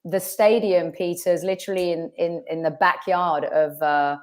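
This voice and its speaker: Woman, low voice, slightly hoarse, warm chatty guest, built-in device mic on a call. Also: fairly even intonation, normal speed. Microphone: no proper mic, device mic on a video call.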